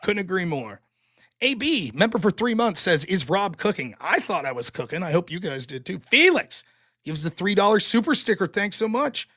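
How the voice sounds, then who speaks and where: A man with a fairly high voice hosts a casual livestream. He reads viewers' paid messages aloud one after another. He answers each with a short thanks or a joke. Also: sing-song, pushed and bright. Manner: reads donor messages aloud with quick reactions. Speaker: show host reading Super Chats.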